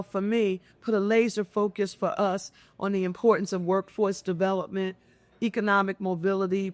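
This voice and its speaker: A middle-aged woman from Philadelphia, a mayor speaking as a panel guest, telling stories in an animated, expressive way with lively intonation. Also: medium pitch, dry recording. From Philadelphia, United States. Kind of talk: conversational panel discussion.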